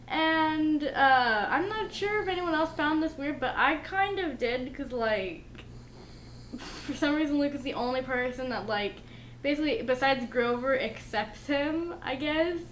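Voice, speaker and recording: A woman's voice: high voice, lively intonation, a little slow, fairly bright tone. A young woman hosting a casual book chat with her mother, talking chattily with hesitant restarts. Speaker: host. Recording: echoey room with faint hiss.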